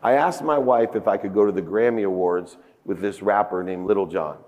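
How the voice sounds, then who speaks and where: A man's voice: deep voice, moderate pace, a little mellow. Emphatic man speaking in a hall. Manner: emphatic, acts out dialogue with rising outbursts. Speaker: keynote speaker. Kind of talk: motivational keynote storytelling. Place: large conference hall stage. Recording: long reverb of a conference hall.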